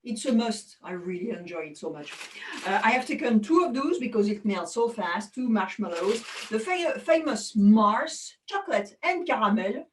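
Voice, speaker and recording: Playful French woman, fairly high voice. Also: expressive, moderate pace, distant mic, a little hiss or hum, poor audio. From France. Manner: playful, chatty, self-mocking. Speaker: magician. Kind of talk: virtual magic show patter. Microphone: video call.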